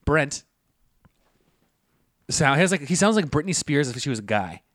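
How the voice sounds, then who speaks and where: A man co-hosting a casual podcast, telling stories full of swearing and loud laughs, acting out the people in them. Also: a little high, big pitch swings, normal speed, dry recording, studio quality. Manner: swearing storyteller, acts out voices, laughs loudly. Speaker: podcast co-host.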